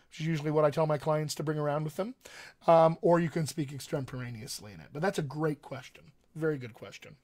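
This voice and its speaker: A man's voice: fairly high pitch, quick pace, darkish tone. A middle-aged man, a dialect coach, answering viewer questions in a live online session, explaining with analogies and restarting phrases as he thinks. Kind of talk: live-streamed Q&A teaching.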